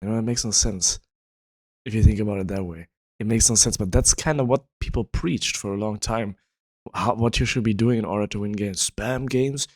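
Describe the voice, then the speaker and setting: Low-voiced man with a worn, tired voice. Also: a little mellow, dry recording. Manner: rambling, frequent "you know" fillers. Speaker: video host. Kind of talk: casual explanatory talk.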